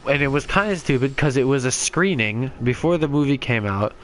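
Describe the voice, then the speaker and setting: A young man hosts a game playthrough, talking at an ordinary pitch through a desktop mic. He rambles casually, laughs a lot and fills pauses with ums and likes. A faint hiss sits underneath the voice. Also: expressive. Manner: rambling, laughs often, many fillers. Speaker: gaming channel host. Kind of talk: casual chat while playing a game.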